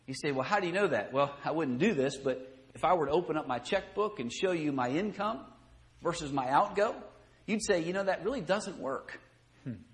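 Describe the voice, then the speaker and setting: A middle-aged man preaches a Sunday school lesson with a notably high voice. His delivery is folksy and conversational, rising in emphasis on key points and chuckling at his own asides. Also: expressive, fairly quick. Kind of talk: sermon.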